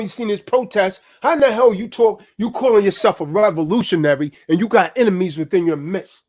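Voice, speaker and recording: A man's voice: sits high, a little fast, few pauses, a little mellow. A man delivering a heated, profane political rant in a preaching manner, tagging "man" onto his lines.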